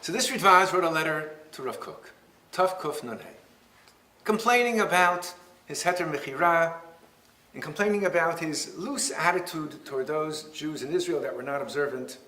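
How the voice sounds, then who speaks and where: A man, a rabbi, giving a lecture and telling stories in an animated, humorous way. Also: a little high, moderate pace, slight background noise. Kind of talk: lecture with storytelling. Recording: roomy hall echo.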